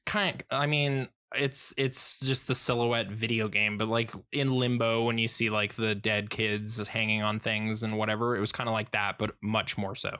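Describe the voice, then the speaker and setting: A man's voice: lowish voice, little pitch movement, moderate pace, hardly any pauses, bright, forceful tone, clean tone. A man co-hosting a podcast, chatting casually about a comic in a rambling way, with lots of fillers and restarts. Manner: rambling, many fillers and restarts, laughs often. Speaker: podcast co-host.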